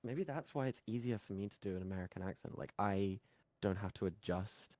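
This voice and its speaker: A man's voice: lowish voice, brisk, a little mellow, no echo. A British man, a guest creator of ASMR roleplays, talking casually over a voice call and circling around his points. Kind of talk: casual chat.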